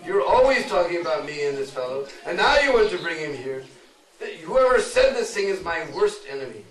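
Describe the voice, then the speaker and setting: Man playing a young woman, indignant, stubborn, slightly raised pitch, distant. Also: very animated, fairly quick. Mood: defiant. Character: defiant proud young woman. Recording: echoey, distant recording.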